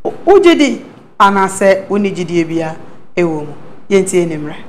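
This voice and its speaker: A woman's voice: fairly low pitch, big pitch swings, moderate pace, slight background noise. A woman interviewer addressing viewers at home and asking them direct questions.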